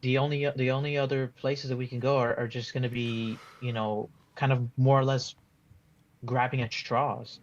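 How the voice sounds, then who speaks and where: A man's voice: mid-range voice, flat delivery, normal speed, muffled recording, slight background noise. A man giving a casual post-match fan reaction, rambling and frustrated, full of restarts and "like" fillers. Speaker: football fan being interviewed.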